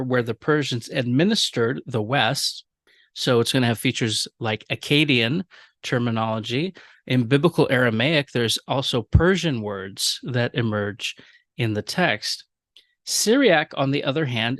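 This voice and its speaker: A man teaching a video lesson, explaining things in a measured way with some fillers and restarts. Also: mid-range voice, a bit bright, dry recording. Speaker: language teacher.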